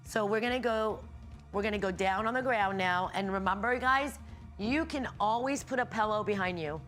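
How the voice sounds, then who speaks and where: Faint music plays behind a woman with a mid-range voice speaking at normal speed. She's a healer and yoga instructor guiding a casual meditation from a hotel room, rambling candidly and cursing occasionally.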